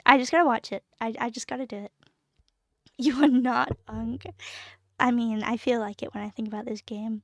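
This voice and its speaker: Young female streamer, bubbly and emotional; high voice with some fry, dry close sound. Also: normal speed, no room sound. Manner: giggly, excitable, emotional. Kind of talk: casual live-stream chat.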